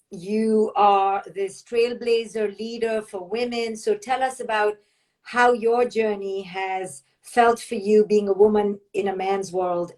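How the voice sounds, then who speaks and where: Casting: woman host, mid-pitched, gentle and encouraging, interviewing on a live stream. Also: poor audio. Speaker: host, clinical psychologist.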